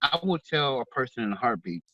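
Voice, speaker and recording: An author and veterans charity organizer, interviewed as a guest, speaks earnestly and from the heart, often repeating words. His mid-range voice is sing-song, fairly quick and sharp-toned, recorded without echo but with the highs cut off.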